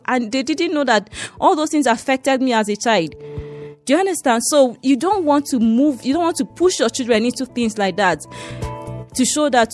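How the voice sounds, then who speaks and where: A woman's voice: sits high, lively intonation, normal speed, darkish tone, faint music behind. A middle-aged woman with a Nigerian accent, a dietitian giving an impassioned talk, emphatic and preachy with repeated rhetorical questions. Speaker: dietitian and show host.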